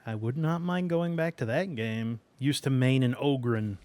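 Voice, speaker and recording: A man streaming a game, chatting casually while he plays, rambling along with fillers and soft laughs. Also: mid-range voice, normal speed, clear, resonant tone. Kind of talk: casual gameplay commentary.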